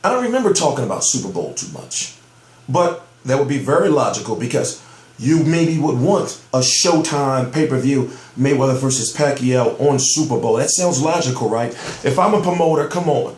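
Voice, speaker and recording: A man's voice: medium pitch, expressive, normal speed, a little mellow, roomy sound. A man giving heated, profane commentary on boxing news in a ranting vlog, amped up and emphatic. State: amped up on soda.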